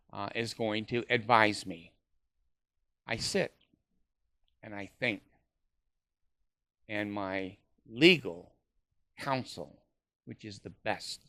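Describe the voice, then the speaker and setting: A man's voice: medium pitch, pushed and bright, clean tone, no room sound, clean studio sound. A man vlogging in a rambling, hesitant way, full of fillers and casual swearing.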